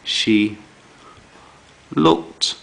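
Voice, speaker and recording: A man teaching young children a writing lesson, reading examples aloud with slow dramatic emphasis. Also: on the low side, vocal fry, rough recording. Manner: slow, lively delivery with dramatic read-aloud. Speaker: primary school teacher.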